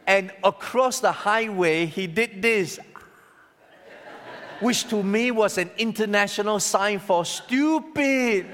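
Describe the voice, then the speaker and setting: A male preacher with a somewhat raised voice tells a personal story from the pulpit. He swings between loud, emphatic lines and quiet, hushed ones. The sound carries a long reverb, as in a large church hall. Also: high voice. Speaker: pastor. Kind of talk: sermon.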